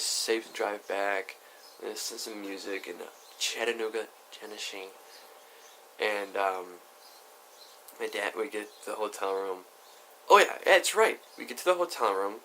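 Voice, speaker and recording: A young man tells a casual story-time tale in an animated, rambling way, full of asides. His voice is bright and forceful. A faint background noise sits under the recording. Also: fairly low pitch, normal speed, low-quality recording. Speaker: vlogger.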